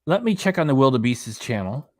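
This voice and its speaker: Man, livestream host, casual, chatty, reads chat aloud, chuckles, mid-pitched voice. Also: big pitch swings, brisk. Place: small apartment.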